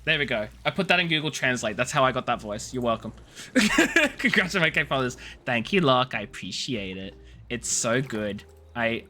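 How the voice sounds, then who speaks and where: A man's voice: mid-range voice, pushed and bright. A young man chatting casually with viewers while streaming a game, teasing and rambling with many restarts. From Australia. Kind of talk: casual live-stream chat.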